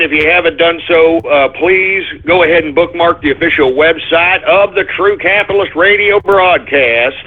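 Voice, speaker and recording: A man hosting a talk radio show, ranting loudly with shouted bursts and drawn-out emphasis on key words. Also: fairly high pitch. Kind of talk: ranting internet radio monologue. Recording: tinny phone-like radio stream.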